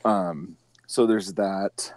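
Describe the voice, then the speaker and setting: A man co-hosting a casual podcast chat, swearing freely and laughing loudly at his own jokes. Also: deep voice, steady tone, very slow, dry recording. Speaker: podcast co-host.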